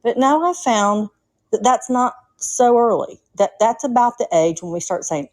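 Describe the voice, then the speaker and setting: A woman's voice: on the high side, normal speed, a little mellow, rough recording. A middle-aged woman with a Southern Atlanta accent, calling in and telling stories in an earnest, chatty way. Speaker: caller. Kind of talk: casual call-in chat.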